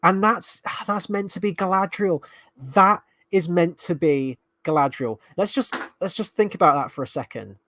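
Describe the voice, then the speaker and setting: A man's voice: high voice, normal speed, fairly bright tone. A man hosting a fan reaction video, talking casually with sarcastic, exasperated commentary and frequent swearing.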